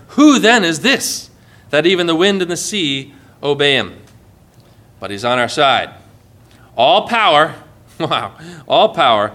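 A man delivers a sermon in a high, bright voice. He talks conversationally, drops in small asides, and briefly acts out the lines he quotes. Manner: expressive, acts out quoted lines with shifts in volume and pace; warm, conversational asides with light laughs. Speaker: preacher.

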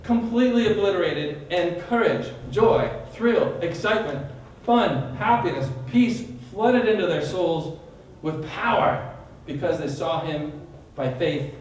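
A high-voiced man teaching a small group in sermon style, animated and full of questions for his listeners. He is caught from a distance in a very roomy, echoing space. A faint hiss runs underneath. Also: unhurried, few pauses. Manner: animated, quizzes listeners by name, dramatic retelling. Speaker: Bible study leader. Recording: echoey room from far off.

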